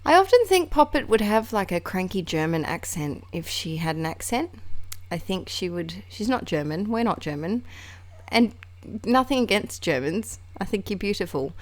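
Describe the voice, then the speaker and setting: A woman's voice: on the low side, normal speed. A woman narrating her scrapbooking in a chatty, rambling way, with laughs and asides. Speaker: scrapbooking crafter. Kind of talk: casual craft vlog narration.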